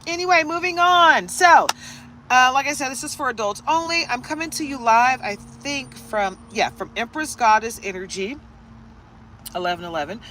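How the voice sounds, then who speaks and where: A woman from Detroit hosting a casual live stream, animated and chatty, greeting viewers by name and laughing often, recorded at home on a phone or webcam. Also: high-pitched, moderate pace, a little hiss or hum. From Detroit, USA. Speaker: live-stream host giving a reading.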